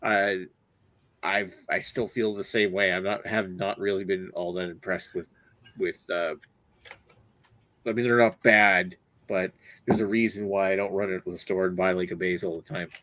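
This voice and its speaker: Casting note: man, lowish voice, casual beer reviewer, halting, lots of fillers. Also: fairly even intonation, pushed and bright, dry recording. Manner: hesitant, many fillers and restarts.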